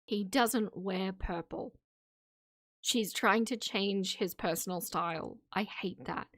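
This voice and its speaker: A woman's voice: medium pitch, slow pace, fairly bright tone, dry recording, clean studio sound. A woman streamer giving casual, opinionated commentary to her live chat, laughing often between remarks. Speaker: streamer reacting to videos.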